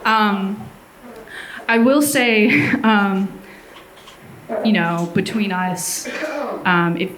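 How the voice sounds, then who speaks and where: A woman's voice: mid-range voice, fairly even intonation, very slow, long pauses, background noise. A stand-up comedian, a woman from Chicago, talking hesitantly with lots of ums during a live set.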